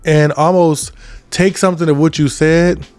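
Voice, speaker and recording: A man's voice: a little high, steady tone, normal speed, a little mellow, smooth, soft background music. A man in his twenties giving a casual motivational talk as a podcast host, often checking in with "right?". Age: 20s. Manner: conversational, repeats "right?" often.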